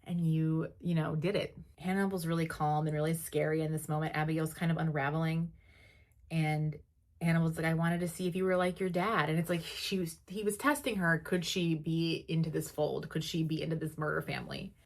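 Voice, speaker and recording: Woman, podcast host, low voice, chatty recap, lots of "like", paraphrased quotes. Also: little pitch movement. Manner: chatty, heavy use of "like", quotes characters in quick paraphrase. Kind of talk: casual episode recap.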